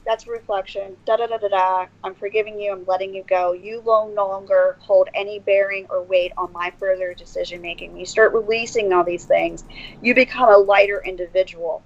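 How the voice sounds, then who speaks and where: A woman's voice: mid-range voice, steady tone, moderate pace. A woman guest in a casual interview, talking earnestly and rambling with many restarts and fillers. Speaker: podcast guest. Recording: dull lo-fi dry sound.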